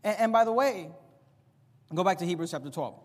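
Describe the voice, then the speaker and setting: A man preaching with a notably high voice, the words ringing out through a long, reverberant hall. He swells loud on key points, drops to a near-mutter for sarcastic asides, and slows right down to land a line. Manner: preacher's animated delivery, rising loud on emphasis and dropping low for asides. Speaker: pastor. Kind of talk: sermon.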